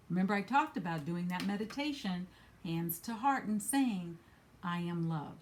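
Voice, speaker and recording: An earnest woman reads spiritual cards and talks straight to the listener. She comes down hard on the words she cares about and says them more than once. Then she falls back to quieter asides. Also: fairly low pitch, normal speed, a little hiss or hum. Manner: earnest, emphatic, repeats key phrases. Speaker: card reader. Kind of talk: spiritual card reading.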